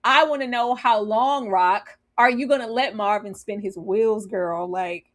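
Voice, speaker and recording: A woman's voice: mid-range voice, measured pace, fairly bright tone. A woman on a review panel talking casually and animatedly about a TV series, laughing often and acting out scenes.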